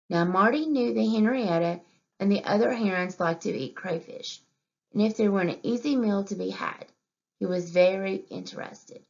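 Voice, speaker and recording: A woman reading a picture book aloud to young children in an expressive way, asking questions and pointing at the pictures. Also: mid-range voice, a little slow, gravelly. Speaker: preschool teacher. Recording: dull lo-fi recording.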